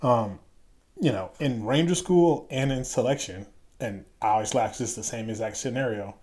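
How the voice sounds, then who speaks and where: Man, middle-aged, from Chicago, interview guest, animated storyteller, acts out quotes. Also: mid-range voice, normal speed. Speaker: guest, former Green Beret.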